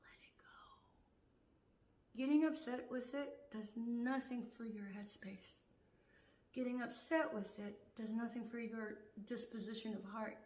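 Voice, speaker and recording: A woman's voice: fairly high pitch, fairly even intonation, measured pace, a little mellow, echoey room. A woman in a casual monologue, laughing often, swearing freely and dropping into whispers.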